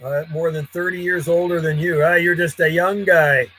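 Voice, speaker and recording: High-voiced man calling on radio. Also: steady tone, normal speed, bright, forceful tone, slight background noise, poor audio. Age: 50s. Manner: friendly, chatty, repeats call signs. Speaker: CB radio operator. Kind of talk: casual radio calls and chat. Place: home radio room.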